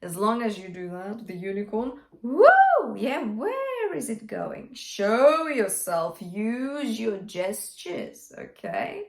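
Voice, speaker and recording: A woman's voice: medium pitch, lively intonation, slow pace, hardly any pauses. A young adult woman vocal coach giving a singing lesson, encouraging and breaking into sung examples. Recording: roomy echo.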